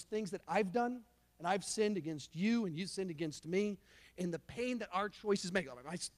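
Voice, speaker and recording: A youth pastor giving a sermon in a casual, chatty way, filled with "like". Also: male voice, high-pitched. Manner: casual, chatty preaching with lots of "like". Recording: long hall reverb.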